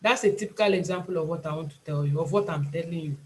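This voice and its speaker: A woman's voice: lowish voice, quick pace, a little mellow. Emphatic Nigerian woman teaching online. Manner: emphatic, pleading, repeats herself. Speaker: IELTS tutor and nurse. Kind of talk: online class lecture. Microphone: video call.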